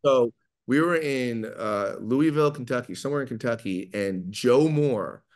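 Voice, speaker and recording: A middle-aged man with a New York accent, talking fast and loud as he tells animated stories in an interview. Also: mid-range voice. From New York area. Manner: fast, loud, animated storyteller who acts out quotes. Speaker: guest, pizza maker. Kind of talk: storytelling in an interview.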